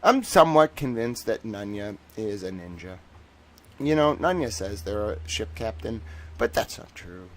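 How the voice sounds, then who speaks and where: Rambling, joking livestream host. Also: male voice, on the low side, expressive, a little slow. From northern United States. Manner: joking, rambling, laughs often. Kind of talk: casual livestream chat.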